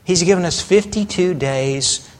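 Middle-aged male preacher, slightly high voice, slow and chatty, lots of rhetorical questions. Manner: conversational preaching with rhetorical questions and frequent restarts. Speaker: pastor. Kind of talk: sermon.

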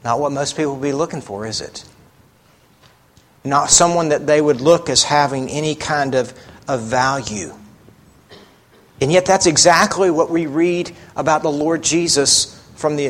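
A man preaching a sermon, slow and emphatic, asking rhetorical questions of his listeners. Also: fairly high pitch, fairly bright tone.

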